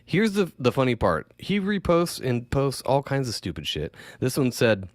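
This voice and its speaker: A man hosting a casual podcast chat, talking in an animated way, swearing and acting out quoted voices. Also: medium pitch, normal speed, no room sound, clean studio sound.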